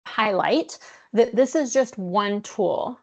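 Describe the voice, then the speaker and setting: A woman's voice: medium pitch, lively intonation, slow. A woman hosting a parenting podcast, talking in a casual, conversational way and putting on quoted voices. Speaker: podcast host. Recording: slightly dull lo-fi sound.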